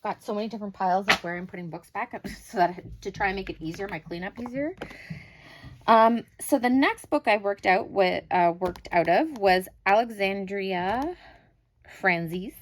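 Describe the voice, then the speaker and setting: A woman in her thirties talks through her coloring pages at home in an easy, rambling way. She is quick to critique her own work and leans on fillers between thoughts. Her pitch sits in a middling range. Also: a little hiss or hum, rough recording. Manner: chatty, self-critical, many fillers. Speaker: crafting channel host. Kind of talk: casual show-and-tell of coloring pages.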